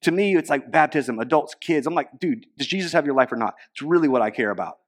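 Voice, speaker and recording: A man's voice: fairly high pitch, lively intonation, fast. Casual young male pastor preaching. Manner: casual, conversational preaching with fillers and laughs. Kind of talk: sermon.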